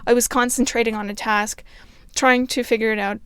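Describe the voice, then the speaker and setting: Woman, flat even intonation, earnest, explanatory, casual podcast monologue, slightly high voice, smooth. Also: fairly quick, no echo.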